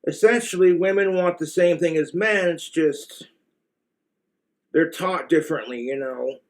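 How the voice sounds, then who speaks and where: A man's voice: fairly high pitch, a little slow. A man with an American accent giving blunt, crude, rambling relationship advice in a casual monologue to the camera.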